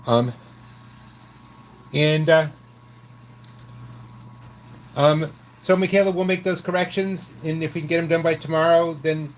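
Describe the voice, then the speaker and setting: A man in his sixties from New York talks casually and in a somewhat high voice. He wanders off track and corrects himself mid-sentence as he goes. Steady noise runs under his voice. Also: a little slow, long pauses. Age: 60s. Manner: rambling, self-correcting storyteller. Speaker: host. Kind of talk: casual chat.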